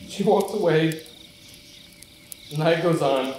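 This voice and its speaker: Man acting out guilt-ridden apostle Peter, stage monologue, high voice, very echoey hall, heard from far off. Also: slow pace, darkish tone, slight background noise. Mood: tense. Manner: earnest first-person storytelling, rising to anguished outbursts. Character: remorseful apostle Peter, grown man, haunted by denial. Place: church stage.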